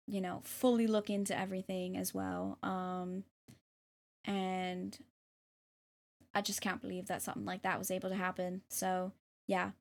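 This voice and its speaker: A young woman streaming live and reading tarot, speaking gently and hesitantly with many ums and restarts. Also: mid-range voice, gravelly. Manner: gentle and affirming. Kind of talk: casual live-stream chat.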